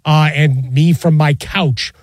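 Sports show co-host guy, kinda high voice, dry close sound, chatting easy. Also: steady tone, slow, dry recording, rough recording. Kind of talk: casual discussion.

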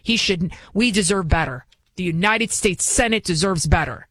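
A woman's voice: lowish voice, expressive, normal speed, fairly bright tone, no echo. A woman political commentator talking in an indignant, emphatic way, firing off rhetorical questions and repeating her points. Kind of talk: opinion monologue.

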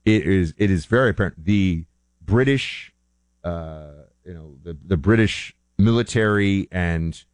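A man's voice: low voice, a little mellow, no room sound, clean studio sound. A man hosting a show, talking in a rambling, chatty way and often correcting himself. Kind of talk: casual monologue.

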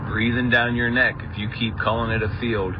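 A man's voice: mid-range voice, little pitch movement, fairly quick, lo-fi sound, noisy background. A man calling in to a radio show, jokingly correcting the hosts.

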